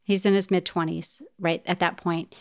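A woman's voice: on the low side, flat delivery, moderate pace, creaky. A middle-aged woman hosting a podcast, telling a personal story in a heartfelt way and speaking straight to her listeners. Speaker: podcast host.

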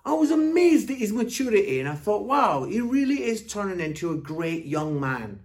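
A man with a Scottish accent giving a Father's Day sermon, telling stories in an animated way before turning soft and earnest. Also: high-pitched, normal speed. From Scotland. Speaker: pastor.

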